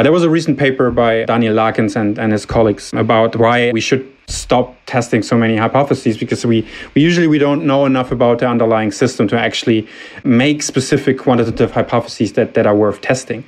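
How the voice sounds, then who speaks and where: Man with an even, mid-pitched voice. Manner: thoughtful, academic phrasing with small restarts. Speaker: podcast guest, linguistics researcher. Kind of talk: explaining his views in an interview.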